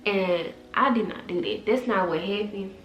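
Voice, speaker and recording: A woman in her twenties telling a personal story to her camera in a casual, animated vlog style. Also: medium pitch, moderate pace. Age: 20s. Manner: animated, quotes others in voices, chatty. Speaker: vlogger and author. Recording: echoey room with background music.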